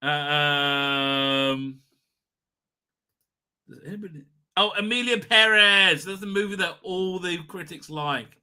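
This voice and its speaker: Male streamer host, high and piercingly bright voice, profane, mocking commentary with sudden shouting. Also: takes it slowly, long pauses, clean tone. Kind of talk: casual live-stream rant.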